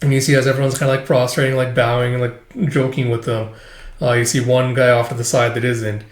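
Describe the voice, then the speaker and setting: Dude chattily recapping a manga chapter, lots of "like", echoey room. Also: male voice, medium pitch, little pitch movement, brisk. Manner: casual, rambling with many fillers.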